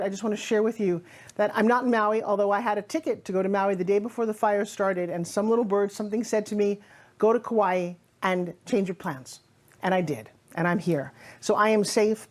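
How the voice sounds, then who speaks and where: A middle-aged woman from Long Island with a New York accent gives an energetic motivational talk. Her delivery is emphatic and conversational, as if talking straight to the listener. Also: mid-range voice. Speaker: motivational speaker.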